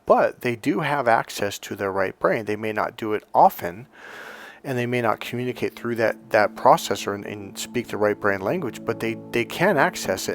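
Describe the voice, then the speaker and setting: A man coaching in a casual motivational monologue, rambling with many restarts and repeated words. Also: lowish voice. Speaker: life coach.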